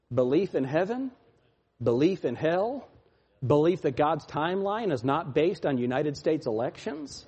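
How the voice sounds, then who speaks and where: A husky, fairly high-voiced man preaches from the pulpit as pastor. He swings his pitch all over, from loud mocking shouts to low, muttered asides. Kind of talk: sermon.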